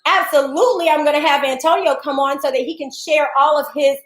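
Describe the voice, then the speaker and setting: A woman's voice: high voice, steady tone, a little fast, a bit bright, roomy sound, rough recording. A woman hosting a livestreamed beauty and self-love show, bubbly and a little winded, greeting viewers by name with frequent laughs. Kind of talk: casual livestream chat. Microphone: device streaming to social media.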